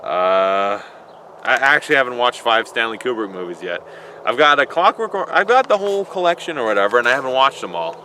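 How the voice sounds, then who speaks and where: Bright-voiced man rambling outdoors. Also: mid-range voice, expressive, a little fast, slight background noise. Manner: rambling, joking, profane. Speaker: vlogger answering viewer questions. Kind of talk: casual Q&A vlog. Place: outdoors in a built-up area.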